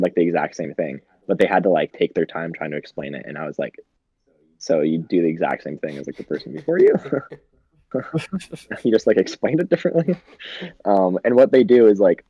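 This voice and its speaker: A man's voice: on the low side, darkish tone, slightly rough, no room sound, highs cut off. A young man co-hosting a podcast in casual chat, laughing often and swearing, with lots of fillers. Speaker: podcast co-host.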